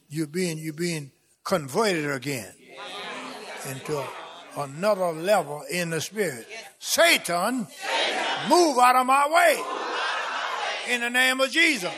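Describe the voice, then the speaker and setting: A man preaching a sermon as pastor, folksy and repetitive, swelling into shouts. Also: fairly high pitch. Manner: casual folksy speech with "y'all" and "ain't". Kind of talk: fiery sermon. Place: church sanctuary with congregation.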